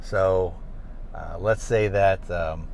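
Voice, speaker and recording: A man with a fairly low voice talks through a casual solo podcast in a chatty, rambling way, stopping to correct himself mid-thought. He records while driving, on a lavalier clipped to his seat belt inside a truck. Steady road noise sits clearly under his voice. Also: slow. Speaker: podcast host.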